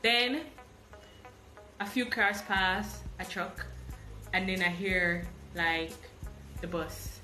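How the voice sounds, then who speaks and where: A Jamaican woman tells a travel story with lively, animated delivery, jumping into the voices of the people she met. Her voice is bright and forward. The room is echoey, with faint music underneath. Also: mid-range voice, drawn-out words, long pauses. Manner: animated, acts out dialogue. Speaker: podcast host.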